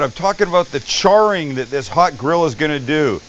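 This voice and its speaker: A man's voice: a little high, lively intonation, moderate pace, hardly any pauses, fairly bright tone, a little hiss or hum. A man hosting a cooking show, demonstrating a recipe in an upbeat, joking way and swearing freely.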